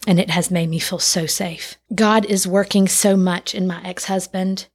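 A woman in her thirties, a podcast guest, telling a personal faith story with animated, laughing delivery and acted-out quotes. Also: fairly low pitch, moderate pace, husky. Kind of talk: personal testimony.

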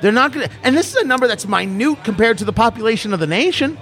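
A man hosting a podcast in casual chat, animated and opinionated, often restarting his sentences. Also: very high voice, fast, soft background music. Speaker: podcast host.

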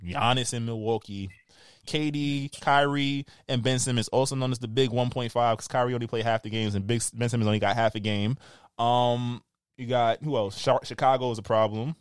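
A man with a New York accent, co-hosting a podcast with animated, profane ranting in casual banter. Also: medium pitch, fairly quick, clear, resonant tone, no room sound, clean studio sound. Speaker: podcast co-host.

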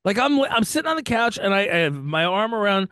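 A man's voice: sits high, sing-song, a little fast, a bit bright, smooth, no echo, clean studio sound. A man co-hosting a podcast in casual chat, swearing freely and slipping into mock voices. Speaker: podcast co-host.

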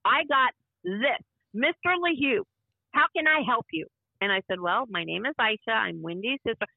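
A woman's voice: a little high, expressive, normal speed, vocal fry, dry recording. A woman in her fifties, an interview guest giving an emphatic personal account and acting out the dialogue she quotes. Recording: tinny phone-line sound.

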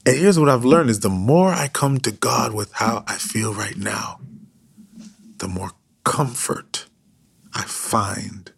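A man preaching and praying in a livestream devotional, swinging between loud declarations and hushed whispers. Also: fairly low pitch, takes it slowly, gravelly, breathy edge. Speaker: pastor. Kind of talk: devotional livestream sermon and prayer.

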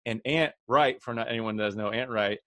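A man's voice: mid-range voice, a little fast, no echo, clean studio sound. A man hosting a casual podcast chat, telling stories and acting out quotes with energy. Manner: animated storyteller, acts out quotes. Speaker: podcast host.

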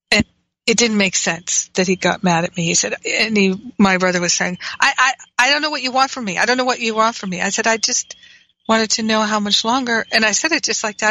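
A woman's voice: medium pitch, sharp tone, no room sound. A middle-aged woman, a spiritual teacher and host, telling a personal story in an earnest, frank and reflective way. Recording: dry, slightly dull sound.

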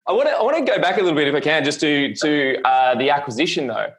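A man interviewing a guest over a video call, eager and quick to agree. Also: fairly high pitch, animated, fairly bright tone.

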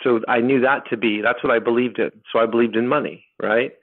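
Gravelly man on a tinny phone line. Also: mid-range voice, steady tone. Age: middle-aged. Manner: rambling, halting with many restarts. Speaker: podcast guest. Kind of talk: personal storytelling.

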